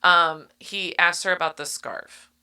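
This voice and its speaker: A young woman co-hosts a casual book-club podcast, retelling a book's scenes in a loose, giggly way. Her voice sits low but has a bright, forceful edge. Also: unhurried, smooth. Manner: animated retelling full of "like" and laughs. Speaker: podcast co-host.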